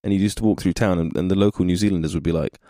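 Young male actor guest, deep, dry close mic, reflective and loose. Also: steady tone, very fast, warm tone, no echo. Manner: reflective, trails off, laughs easily. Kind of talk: casual podcast conversation.

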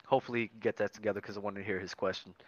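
A man hosting a casual basketball talk podcast, animated and chatty, often calling others "bro". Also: fairly low pitch, racing, dry recording, dull audio. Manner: animated, says "bro" a lot, restarts. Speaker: podcast host. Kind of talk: casual basketball debate chat.

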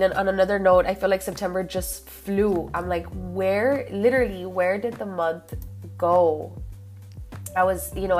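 A young woman hosting a podcast, chatty and gushing, slipping Spanish phrases into her English. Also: lowish voice. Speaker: podcast host. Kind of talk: casual chat.

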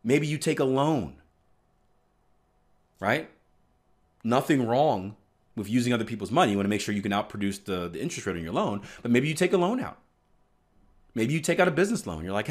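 A man's voice: medium pitch, lively intonation, brisk, long pauses. Male trading coach, emphatic motivational delivery with frequent "right?" check-ins. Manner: emphatic, repeats "right?" often, bursts of loud stress. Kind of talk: motivational teaching talk.

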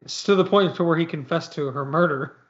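A man with a notably high voice talks loosely about a film, circling his points with "like" and "I mean." The sound is a little dull and lo-fi. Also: a little fast. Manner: rambling, hedging with fillers. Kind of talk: casual movie discussion. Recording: slightly dull lo-fi audio.

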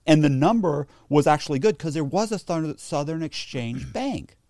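A man's voice: on the high side, moderate pace, dry recording, studio quality. A man telling a story in a casual interview, acting out the voices of the people he quotes. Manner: animated, acts out quoted voices. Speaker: interview guest.

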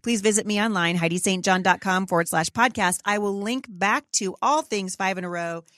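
A woman's voice: mid-range voice, brisk, fairly bright tone, no room sound, studio quality. A middle-aged woman hosting a podcast, chatting in an earnest, encouraging way. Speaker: podcast host. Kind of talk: conversational podcast interview.

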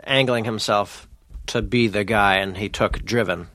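A man's voice: on the low side, fairly even intonation, measured pace, pushed and bright. A man hosting a podcast, telling stories in a rambling, jokey way that comes in bursts. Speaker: podcast host. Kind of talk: casual chat, storytelling.

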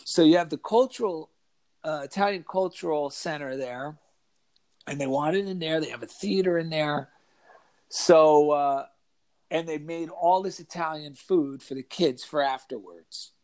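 A man telling an animated story in a casual chat, acting out the voices of kids and of himself. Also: a little high, a little slow. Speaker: author and guest.

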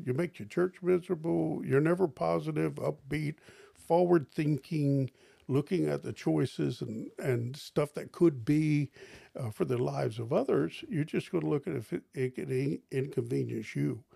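Gravelly older man telling stories. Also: normal speed, dry recording. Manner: animated storyteller, jumps high for quoted lines. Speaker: pastor. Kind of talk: storytelling interview.

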